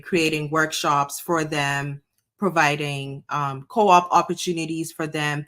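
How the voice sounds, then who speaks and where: Low voiced woman from ghana, engineer guest, calm and explainy with lots of ums. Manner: measured, explanatory, with filler ums. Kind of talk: casual interview chat.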